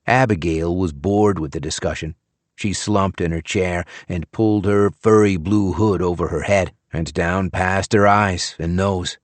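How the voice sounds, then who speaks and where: A man narrating an audiobook thriller in a measured, wry tone. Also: deep voice, fairly even intonation, dry recording. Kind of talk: scripted narration.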